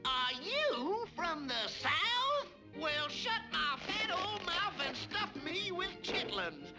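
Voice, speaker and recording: A man's voice: very high-pitched, sing-song, takes it slowly, heavily acted. A man voicing a scheming cartoon dog whose northern accent shows through a put-on southern drawl, in an old cartoon clip. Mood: sly. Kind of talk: 1950s cartoon voice acting. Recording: old cartoon clip over loud music.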